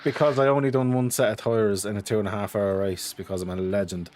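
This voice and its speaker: A man's voice: fairly low pitch, steady tone, fast, darkish tone, a little hiss or hum. Chatty teasing co-commentator man. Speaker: streamer and co-commentator. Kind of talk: casual race commentary.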